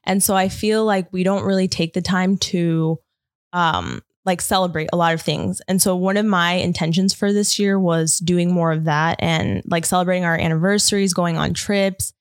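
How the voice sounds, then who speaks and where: A woman's voice: lowish voice, fairly even intonation, moderate pace, smooth, no echo, studio quality. A woman co-hosting a podcast in casual chat, nervous and apologetic, often giggling. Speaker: podcast co-host.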